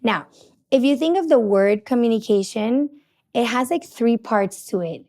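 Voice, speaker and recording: A middle-aged woman, a couples therapist hosting a podcast, talking passionately and loudly with many restarts. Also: fairly high pitch, lively intonation, moderate pace. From Puerto Rico. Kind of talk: casual podcast teaching.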